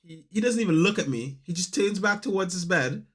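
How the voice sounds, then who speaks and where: A man in his thirties with a high, bright voice. He chats casually on a podcast and tells his stories with lots of energy, slipping into the voices of the people he quotes. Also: fairly quick. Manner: animated storyteller, acts out quotes, laughs often. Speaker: podcast co-host. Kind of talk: casual chat.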